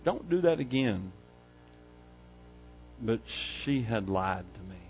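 A middle-aged man preaching a sermon, swinging from loud excitement to hushed quiet. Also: fairly low pitch, slow pace, gravelly, highs cut off, soft background music. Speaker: pastor.

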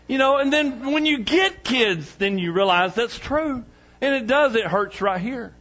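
A middle-aged man preaching a sermon, swinging from loud excitement to hushed quiet. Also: very high voice, measured pace, muffled recording. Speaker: pastor.

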